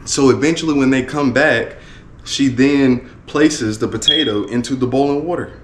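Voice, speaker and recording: A man's voice: mid-range voice, moderate pace, slight background noise. A man working as a motivational speaker, telling a story in an earnest, repetitive way with many restarts. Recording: roomy echo with faint ambience.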